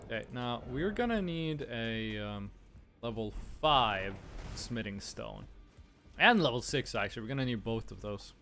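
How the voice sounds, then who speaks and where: A man's voice: mid-range voice, animated, unhurried, pushed and bright, faint music behind. A man from Estonia, streaming a game and playfully musing aloud over how words are pronounced. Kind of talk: casual live-stream gaming commentary.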